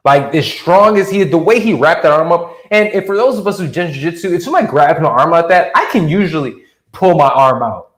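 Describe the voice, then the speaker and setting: A man co-hosting a casual fight recap podcast, animated and profane, often laughing as he talks. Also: on the high side, a little fast. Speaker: podcast co-host. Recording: roomy echo.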